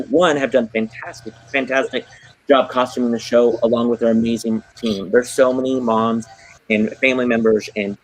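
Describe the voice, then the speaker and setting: A man's voice: mid-range voice, poor audio. A man hosting a casual livestream chat for a theater, effusive and gushing, full of ums. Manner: effusive, gushing, many fillers. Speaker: theater host.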